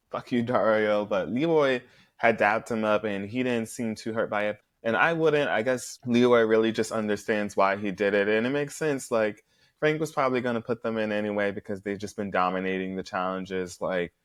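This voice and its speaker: A man's voice: fairly low pitch, a bit bright. Blunt, profane man recapping a show. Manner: profane, blunt, acts out contestants' lines. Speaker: podcast host recapping a reality show. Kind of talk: casual recap commentary.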